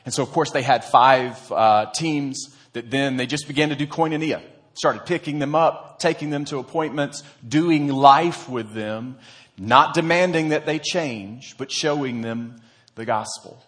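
A man's voice: mid-range voice, unhurried, fairly bright tone. A man, a church pastor, preaching a sermon in an earnest, conversational storytelling manner.

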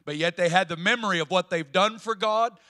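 Male Southern US pastor, sermon in a church; high, bright, punchy delivery that swells into loud declarations. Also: a little fast. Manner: emphatic preaching, building to loud declarations. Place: church sanctuary.

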